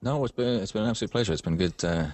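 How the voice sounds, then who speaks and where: A man's voice: fairly low pitch, rapid-fire, darkish tone, slight background noise. A male voice actor, the guest in a casual interview, joking and self-deprecating with many restarts.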